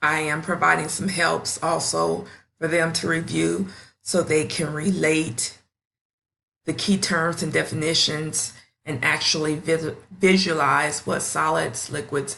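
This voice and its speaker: A woman who teaches fifth grade, presenting a classroom science station in a deliberate, instructional way with small slips. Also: low-pitched, gravelly, a bit bright, slight background noise.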